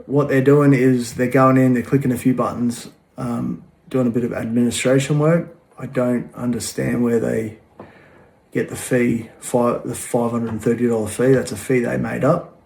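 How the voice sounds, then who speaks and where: A man's voice: mid-range voice, level tone, moderate pace, vocal fry, a little mellow. Casting: man, plain-spoken and frank, casual delivery with many ums. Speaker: vlogger. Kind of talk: casual talk to camera.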